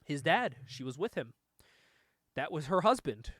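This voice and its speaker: A man's voice: on the high side, sing-song, a little slow, a bit bright, breathy edge, no room sound, clean studio sound. A man hosting a podcast, recapping a comic book in a loose, chatty way, laughing often and swearing freely. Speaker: podcast host.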